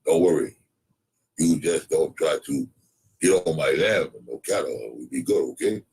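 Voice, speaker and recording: A man voicing a stern Apache chief who guards his land, speaking in slow, clipped, broken phrases with a husky tone. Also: very deep voice, darkish tone, heavily acted, low-quality recording. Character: gruff low-voiced Apache chief, male, stern landowner.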